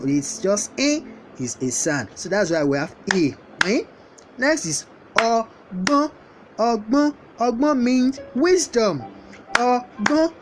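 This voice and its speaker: Woman teaching, lively pitch. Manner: repeats each word slowly to teach it. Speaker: language teacher. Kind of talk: language lesson. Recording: guitar music playing behind the voice.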